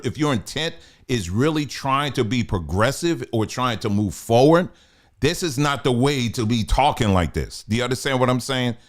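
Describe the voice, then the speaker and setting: A man hosting a commentary channel, talking earnestly and repetitively, checking that his listeners follow along. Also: medium pitch. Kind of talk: conversational commentary monologue.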